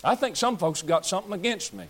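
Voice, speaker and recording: Here a thirty-something pastor gives a heated sermon in a folksy, no-nonsense style, both chiding and kidding his congregation. The voice is high and quick, with vocal fry and a breathy edge.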